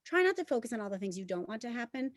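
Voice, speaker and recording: A woman's voice: fairly high pitch, big pitch swings, racing, no room sound, clean studio sound. A woman obstetrician explaining birth to listeners in casual chat, earnest and insistent.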